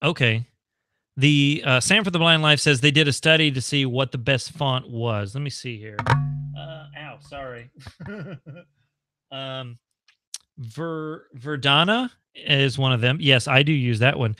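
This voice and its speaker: Bright, chatty American man live-streaming. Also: medium pitch, a little slow. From United States. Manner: chatty, thinks aloud, frequent ums and laughs. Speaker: livestream host. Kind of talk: casual live Q&A. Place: home.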